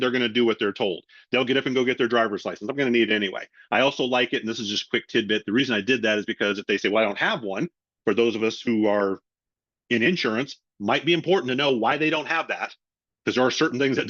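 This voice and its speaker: A middle-aged man gives sales training over a webinar, acting out both parties in phone calls. His mid-range voice is a bit bright and he talks fast. The recording has no echo and is dry, slightly dull and lo-fi.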